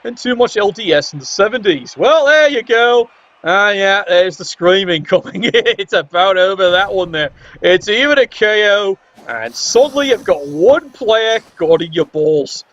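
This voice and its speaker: A man with a fairly high voice commentates a game play by play, wry and quick to get excited. His tone is sarcastic and casual. The recording sounds dull and lo-fi. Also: no echo.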